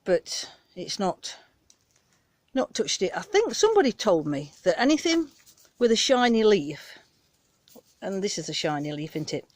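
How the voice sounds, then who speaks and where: A British woman, a gardening vlogger, chats casually in her back garden while filming herself on a handheld phone, rambling in a down-to-earth way. Her mid-range voice swings widely in pitch, her pace is a little slow, and there's no room sound.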